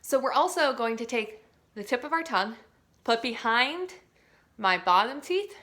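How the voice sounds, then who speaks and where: Bright, playful woman leading a voice warmup. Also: a little high, animated, normal speed. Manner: playful, encouraging, demonstrates sounds. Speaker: teaching artist. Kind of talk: leading a vocal warmup for young students.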